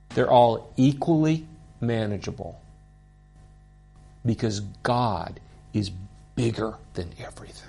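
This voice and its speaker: A man teaching a Bible course in an earnest, deliberate way, openly moved by what he teaches. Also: mid-range voice, vocal fry, a little mellow.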